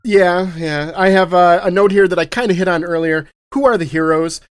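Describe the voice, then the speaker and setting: A man hosting a podcast, chatting casually about a movie, animated and quick to laugh. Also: sits high, clean tone, no echo, clean studio sound. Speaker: podcast host. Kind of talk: casual movie-review chat.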